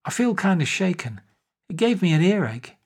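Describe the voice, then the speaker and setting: A man's voice: high voice, sing-song, normal speed, husky, pitched above the performer's own voice, exaggerated voice. A man reading aloud and voicing a sly, down-at-heel male screenwriter.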